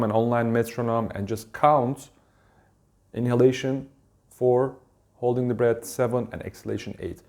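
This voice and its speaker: Calm halting man teaching breathwork. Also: medium pitch. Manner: calm, halting, with many ums and restarts. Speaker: wellness teacher. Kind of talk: casual instructional talk.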